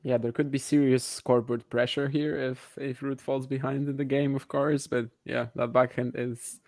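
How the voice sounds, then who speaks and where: Man, co-host, casual chat, hesitant restarts, gravelly fry. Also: mid-range voice, level tone, normal speed, darkish tone, no echo. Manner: hesitant, restarts often, chuckles.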